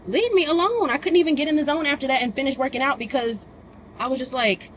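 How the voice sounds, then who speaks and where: A woman vlogging as a busy mother, telling stories in a casual, animated and exasperated way. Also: high-pitched, fast talker, a little hiss or hum. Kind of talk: casual vlog chat.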